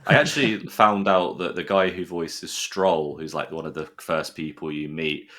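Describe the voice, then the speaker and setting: Bright-toned low-voiced British man. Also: fairly even intonation, moderate pace. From United Kingdom. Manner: enthusiastic, chatty storyteller. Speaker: podcast guest. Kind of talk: casual chat.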